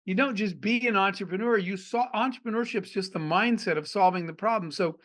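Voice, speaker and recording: A middle-aged man from Arizona, an entrepreneur guest on a podcast, telling animated stories and acting out the dialogue. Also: high-pitched, fairly quick. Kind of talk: storytelling in a podcast interview.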